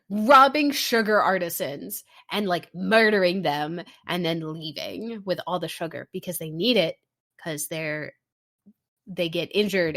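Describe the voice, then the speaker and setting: A woman's voice: on the low side, fairly bright tone. A woman host recapping a story in casual chat, rambling and sarcastic with many fillers. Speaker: podcast host.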